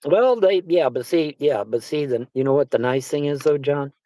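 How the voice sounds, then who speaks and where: A man's voice: on the high side, normal speed, warm tone, dry recording, rough recording. A man hosting a casual chat, rambling and repeating himself, swearing often. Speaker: livestream host. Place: Arizona.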